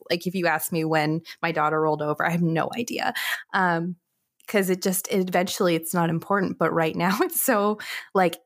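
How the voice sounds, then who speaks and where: A woman and mother talking candidly on a casual podcast, with many fillers and restarts as she confesses her worries. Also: lowish voice.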